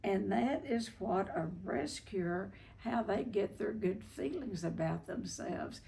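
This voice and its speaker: Slow gravelly older woman. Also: mid-range voice, lively intonation, warm tone. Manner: slow, folksy, repeats herself. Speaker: recovery talk host. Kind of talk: teaching talk on codependency. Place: home, video call. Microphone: video call.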